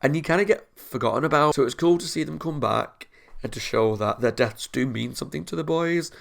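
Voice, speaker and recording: Chatty man with a gravelly edge. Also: a little high, brisk, a bit bright. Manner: chatty, enthusiastic, rambling. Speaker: TV reaction video host. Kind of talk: casual recap to camera.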